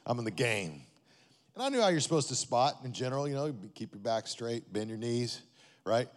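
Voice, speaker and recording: A man's voice: mid-range voice, animated, a little fast, big-room sound. A man, a pastor, telling a story in a sermon in a conversational way, often checking in with his listeners.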